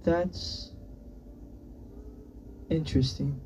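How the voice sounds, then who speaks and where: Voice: mid-range voice, steady tone, drawn-out words, warm tone, a little hiss or hum, poor audio. A reader voicing a stern male mentor. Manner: formal, clipped commands. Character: stern older male leopard-people teacher.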